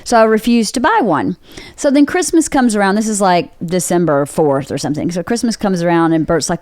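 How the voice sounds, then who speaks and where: A woman's voice: fairly low pitch, expressive, brisk, a little mellow, dry recording. A woman hosting a podcast, telling a story in casual chat with lots of swearing and acted-out quotes. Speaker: podcast host.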